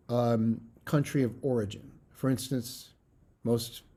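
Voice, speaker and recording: Man, middle-aged, lecturing, emphatic, mellow tone. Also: medium pitch. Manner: earnest, emphatic teaching with fillers. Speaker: bassoon professor. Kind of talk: recorded music lecture.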